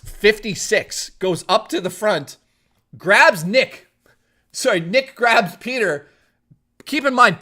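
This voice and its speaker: A man streaming from home, telling a long anecdote to his chat in a casual, profane, lively way. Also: sits high.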